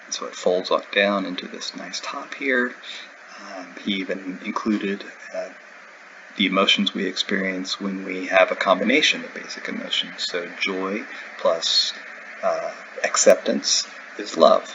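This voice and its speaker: A man's voice: low-pitched, steady tone, unhurried, bright, forceful tone, lo-fi sound, slight background noise. A man teaching a recorded lecture, explaining in a conversational way with everyday examples. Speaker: instructor.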